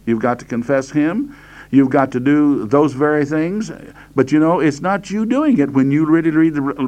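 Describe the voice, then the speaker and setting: A man preaching a sermon, leaning hard on repeated words, pausing with fillers, and lifting his voice to quote scripture. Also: mid-range voice, darkish tone. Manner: quotes scripture in a raised, slowed voice.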